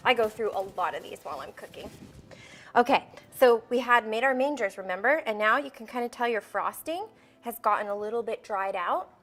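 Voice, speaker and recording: A woman's voice: fairly high pitch, animated, fairly quick, fairly bright tone. A young woman hosting a live baking show for kids, bubbly and coaxing as she talks straight to the children at home. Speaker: host of a kids' baking show. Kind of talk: live cooking demonstration for kids.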